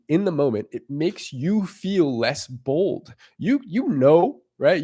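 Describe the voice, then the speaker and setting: A man's voice: medium pitch, warm tone. A young man talking frankly as a dating coach in a casual monologue, swearing freely.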